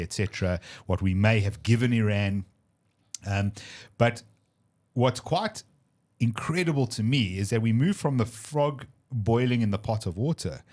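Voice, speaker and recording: A man with a fairly low voice, co-hosting a casual political chat. He talks emphatically and with animation, often restarting and repeating words as he builds his point. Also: a little mellow. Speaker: podcast co-host.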